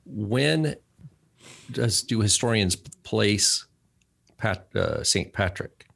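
A man's voice: on the low side, expressive, very slow, creaky, a bit bright. A man co-hosting a casual talk show, hesitant and wry, with joking asides. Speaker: podcast co-host.

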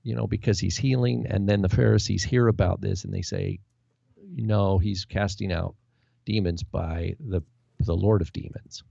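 A man with a low, heavily gravelly voice talks through scripture in loose, searching phrases, often restarting mid-thought. His tone is dark and mellow. The audio is dull and lo-fi but dry. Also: fairly even intonation, normal speed, dry recording. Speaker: co-host of a Bible discussion. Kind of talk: casual scripture discussion.

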